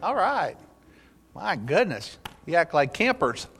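A man's voice: a little high, very animated, slow, fairly bright tone, a little hiss or hum. Storytelling male pastor in an echoey hall. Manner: humorous storytelling. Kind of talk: sermon. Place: church.

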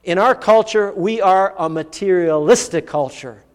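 Man, high voice, preaching, earnest storyteller, long hall echo. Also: moderate pace. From United States. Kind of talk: sermon with personal storytelling.

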